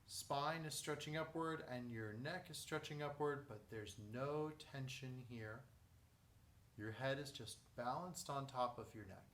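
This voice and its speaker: A man teaching a vocal lesson, guiding breathing and posture in a calm, step-by-step way. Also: mid-range voice, unhurried, slight background noise. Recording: echoey room, mic at a distance.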